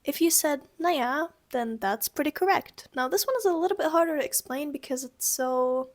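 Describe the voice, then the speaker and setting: Bright-voiced young woman teaching sounds. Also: high-pitched, brisk. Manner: chatty, demonstrates sounds with exaggerated tones. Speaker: language teacher. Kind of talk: casual video lesson.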